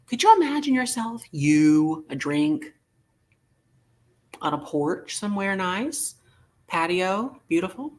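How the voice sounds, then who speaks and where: A man's voice: high-pitched, sing-song, slow, pauses often. A man hosting a live online vintage sale, taking bids and joking playfully with a theatrical manner. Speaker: live auction seller.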